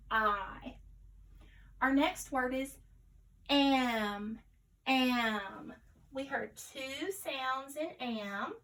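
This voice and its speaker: A woman's voice: a little high, sharp tone, distant mic, low-quality recording. A woman teaching a phonics lesson to young children, sounding out each letter patiently and cheerfully encouraging her viewers as friends. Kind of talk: early-reader phonics lesson.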